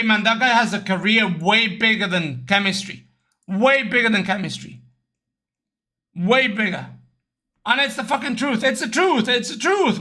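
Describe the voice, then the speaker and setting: A young man streaming, chatting casually and telling animated stories with lots of swearing, raising his voice to act out other people. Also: very high-pitched. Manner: animated storytelling, acts out others in raised voice, swears often. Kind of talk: casual livestream chat.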